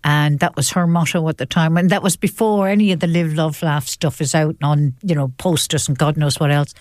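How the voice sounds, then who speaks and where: An older woman, a guest in a chat interview, telling stories in a lively, animated way, full of laughs and repeated words. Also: sits low, fairly quick, no room sound, studio quality. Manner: lively, animated storyteller with frequent laughs and repetitions. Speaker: actress and guest. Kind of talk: chatty interview storytelling.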